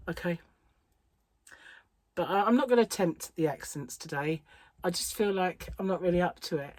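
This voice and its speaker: A woman's voice: fairly low pitch, lively intonation, moderate pace, pauses often, no echo. A middle-aged woman vlogging about crochet, chatting in a rambling way and laughing often. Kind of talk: casual chat. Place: home on an English island.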